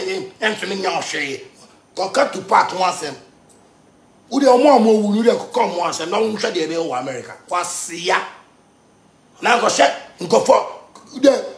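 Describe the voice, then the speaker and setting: A man with a Ghanaian accent ranting on a live stream, animated and breaking into shouts as he mixes pidgin with local words. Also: high-pitched, gravelly, echoey room. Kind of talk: heated live-stream rant.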